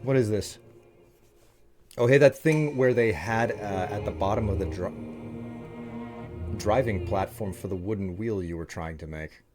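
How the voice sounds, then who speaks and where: Chatty low-voiced male streamer. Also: measured pace, long pauses, over music. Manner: chatty, talks straight to viewers, trails off and restarts. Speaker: livestreamer. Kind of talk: casual livestream gameplay chat.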